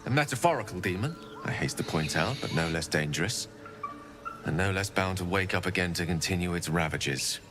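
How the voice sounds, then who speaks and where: A man's voice: low voice, animated, brisk, over music. An actor playing a refined male wizard in a video game, speaking in a courtly, articulate, wry way.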